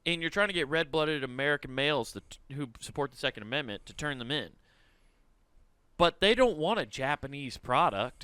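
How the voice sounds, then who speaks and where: A male comedian co-hosting a podcast, joking and quick to laugh in casual banter. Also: a little high, expressive, bright, forceful tone, smooth, no echo.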